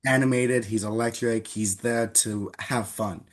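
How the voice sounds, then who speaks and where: Animated man telling movie stories. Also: lowish voice, a little slow. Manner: animated storyteller, laughs mid-sentence. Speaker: podcast guest. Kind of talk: casual movie chat.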